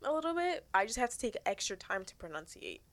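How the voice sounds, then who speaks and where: Young woman, fast and animated talk, swears a lot, casual podcast chat. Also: fairly high pitch. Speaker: podcast co-host.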